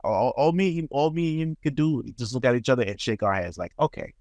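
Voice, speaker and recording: A man in his thirties co-hosting a podcast, casually telling a story and acting out his own lines with animated swings. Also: mid-range voice, fast, no room sound. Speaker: podcast co-host.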